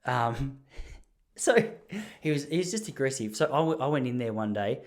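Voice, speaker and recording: Young Aussie host, casual yarn-spinner, self-mocking, many restarts. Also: male voice, mid-range voice, animated, moderate pace. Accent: Australian. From Traralgon, Gippsland, Australia. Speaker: podcast host. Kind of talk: casual storytelling.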